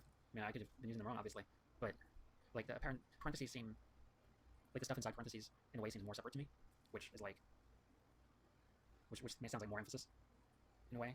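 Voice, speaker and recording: Fast-talking man thinking aloud. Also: medium pitch, a little hiss or hum. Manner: rambling, self-correcting, reads quotes aloud. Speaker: host reviewing writing feedback. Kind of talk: thinking aloud while reading emails.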